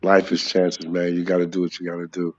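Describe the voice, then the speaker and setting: Low-voiced New York rapper in a rambling interview chat, slightly muffled audio. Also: male voice, monotone, brisk. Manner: rambling, sings snatches of songs. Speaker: rapper guest.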